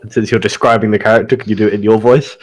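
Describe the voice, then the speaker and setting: A man's voice: on the low side, fairly even intonation, rapid-fire, a little hiss or hum, rough recording. A man playing in a tabletop game, speaking frankly and with amusement. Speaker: player. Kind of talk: casual chat at a tabletop game.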